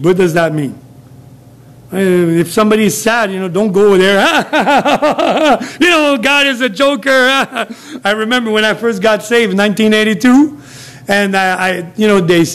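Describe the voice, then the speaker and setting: A man's voice: high-pitched, normal speed, a bit bright. A middle-aged man with a Quebec French accent preaching an informal sermon in a small café. He rambles with restarts and chuckles often. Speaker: lay preacher.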